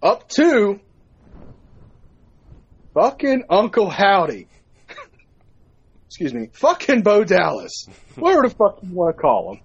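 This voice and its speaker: Guy ranting and telling a story, swears a lot, kinda high voice, muffled audio. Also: slow pace, long pauses, husky. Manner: profane, animated storytelling. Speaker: podcast co-host. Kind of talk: casual chat.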